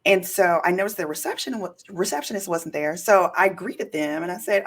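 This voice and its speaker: A woman hosting an interview podcast, an attorney herself, talking in an emphatic, animated way and telling stories. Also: on the low side, fairly quick. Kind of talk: casual interview chat.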